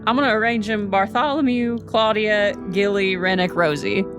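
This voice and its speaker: A woman's voice: medium pitch, normal speed, music in the background. A woman playing a tabletop game, playful and laughing often. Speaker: player. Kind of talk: casual tabletop role-play.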